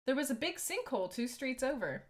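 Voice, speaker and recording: Brief: woman voicing a warm-hearted small-town mom, lively pitch, game dialogue. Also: brisk. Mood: gentle. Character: caring middle-aged mother.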